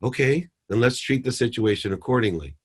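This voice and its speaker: A man's voice: mid-range voice, fairly quick, slightly rough. A middle-aged man, a podcast guest, telling a story and acting out the dialogue. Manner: animated storyteller, acts out dialogue.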